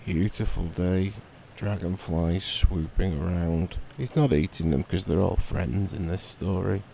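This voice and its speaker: A man with a Northern English accent telling a meditative bedtime story in a relaxed, rambling way, with jokey asides. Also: low voice, measured pace, gravelly, a little hiss or hum. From Northern England.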